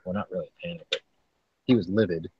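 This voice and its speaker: A man's voice: low voice, fairly even intonation, fast, darkish tone. A man hosting a casual podcast chat, rambling and profane, often restarting his sentences. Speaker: podcast host. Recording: dull lo-fi with faint noise.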